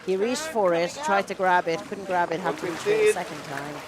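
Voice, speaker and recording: Woman commentating over a loud crowd. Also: lowish voice, a little fast. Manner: chatty, encouraging, cheers the athletes on. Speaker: live sports commentator. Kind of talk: live sports commentary.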